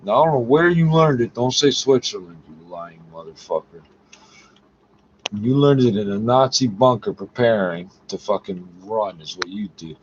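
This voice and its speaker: A man reading French aloud haltingly in a casual solo recording, cursing and arguing with the text between lines, often muttering his asides. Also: on the low side, expressive, a little hiss or hum. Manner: profane, argumentative, mutters asides under his breath; reads French haltingly, stopping to correct himself. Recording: dull lo-fi recording with faint music. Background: faint music.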